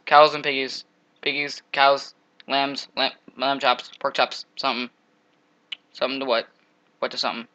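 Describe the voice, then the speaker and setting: A young man giving casual, jokey commentary while playing a game, trash-talking monsters with sudden loud outbursts. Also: mid-range voice, rough recording. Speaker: gameplay commentator.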